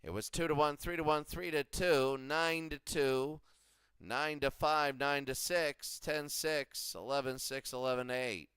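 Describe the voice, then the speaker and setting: Slow, clear-voiced man recapping a baseball sim. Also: fairly high pitch, steady tone, a bit bright, dry recording. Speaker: video game commentator. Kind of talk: play-by-play recap of a simulated baseball game.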